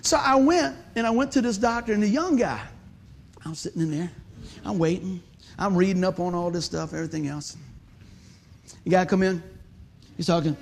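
A man's voice: high voice, a little fast, vocal fry, long pauses, a little hiss or hum. A man preaching a sermon, telling a folksy story and joking with the congregation. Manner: folksy, conversational, joking with the audience.

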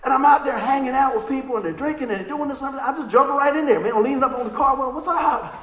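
A man preaching a sermon in an animated, conversational way, telling stories and asking the crowd questions. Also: extremely high pitch, rapid-fire, echoey room, poor audio. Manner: animated, excitable storytelling.

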